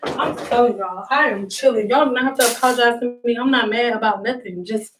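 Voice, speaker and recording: A woman's voice: a little high, a little fast, background noise. Blunt woman chatting on a livestream. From Detroit, USA. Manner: blunt, straight-talking, chatting back to viewers. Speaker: hair stylist livestreaming. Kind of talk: casual livestream chat while working. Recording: echoey room, mic off at a distance.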